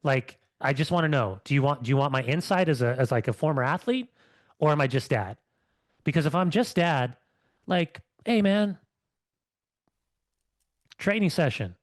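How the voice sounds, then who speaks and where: A man's voice: a little high, expressive, normal speed, long pauses, no echo. A middle-aged man, a former athlete co-hosting a podcast, talking in a fired-up way with many restarts. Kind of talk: casual podcast chat.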